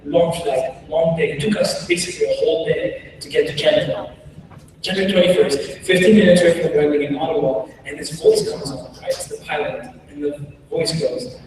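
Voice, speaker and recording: A young man from Congo, whose first language is Kiswahili, tells animated, humorous stories as a keynote speaker. His voice sits high for a man. It comes from far away in a big hall with a long echo. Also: fairly quick, a little hiss or hum. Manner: animated and humorous, with frequent laughs. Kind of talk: storytelling keynote talk. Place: large hall. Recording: echoey hall, far from the mic.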